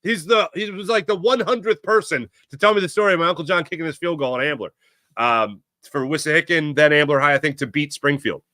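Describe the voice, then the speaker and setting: Brief: Philadelphia sports talk host, crisp bright tone, dry close sound, rambling off-the-cuff delivery. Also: male voice, a little high, fast talker, no room sound. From Philadelphia area, USA. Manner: rambling, self-correcting storyteller. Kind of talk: casual chat, answering live chat.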